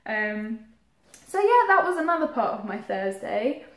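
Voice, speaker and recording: A woman's voice: fairly high pitch, very animated, a little slow. A young woman vlogging, telling a story in a chatty, giggly, rambling way with lots of fillers. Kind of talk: casual storytelling to camera. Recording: roomy echo.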